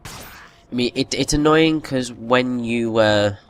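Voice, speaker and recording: A man's voice: medium pitch, takes it slowly, clean tone. A man giving casual, rambling commentary while playing a video game, often restarting sentences and poking fun at himself. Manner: chatty, rambling, with frequent restarts and self-mocking asides. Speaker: gaming video host. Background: game music.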